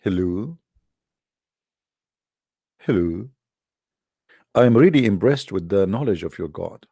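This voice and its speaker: A man's voice: fairly low pitch, lively intonation, fairly quick, gravelly, dark tone, husky, no room sound, studio quality. A man delivering an argumentative monologue in non-native English, full of sarcasm and rhetorical questions aimed at his listeners. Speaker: presenter of religious debate videos.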